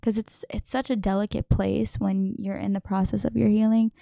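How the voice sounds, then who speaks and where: A woman's voice: medium pitch, little pitch movement, normal speed, creaky, warm tone, no room sound, clean studio sound. A young woman hosting a podcast, talking in a rambling, emotional way, swearing and laughing often. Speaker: podcast host. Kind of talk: casual podcast monologue.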